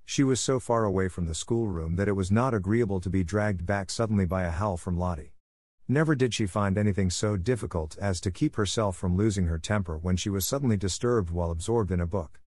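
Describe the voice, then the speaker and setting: A man narrating a classic novel as an audiobook for language learners, reading in a measured, clear way. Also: low voice, a little mellow, dry recording, clean studio sound.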